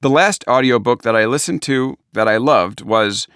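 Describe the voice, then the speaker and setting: A man's voice: mid-range voice, moderate pace, a bit bright, clear, resonant tone, dry recording, clean studio sound. A man with a Long Island accent, an author chatting casually and self-deprecatingly about his book in interview answers.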